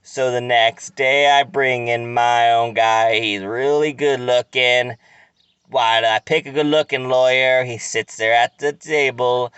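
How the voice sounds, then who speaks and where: Slow, crisp-voiced man telling a crude story. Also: medium pitch, fairly even intonation, a bit bright, no echo, highs cut off. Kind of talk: comic monologue.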